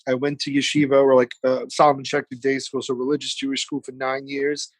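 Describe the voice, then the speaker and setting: A man's voice: medium pitch, completely flat delivery, fairly quick, no echo, rough recording. A man in his forties, a guest on a remote podcast, chatting animatedly and swearing freely. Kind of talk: casual chat. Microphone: remote call setup.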